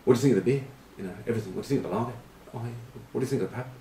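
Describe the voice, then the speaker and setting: An eager, nagging pub fan peppers everyone with question after question, as a man puts him on. The voice sits a little higher than his usual low tone and comes from a distant mic in an echoey room. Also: very fast, dark tone, slight background noise, lightly acted. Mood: pestering. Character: eager chatty male local pub fan, pestering.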